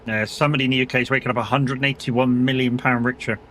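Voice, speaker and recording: A man's voice: medium pitch, steady tone, racing, a bit bright, slight background noise. Chatty, swearing streamer man. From United Kingdom. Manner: chatty, swears freely, banters with chat. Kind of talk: casual live-stream chat while gaming.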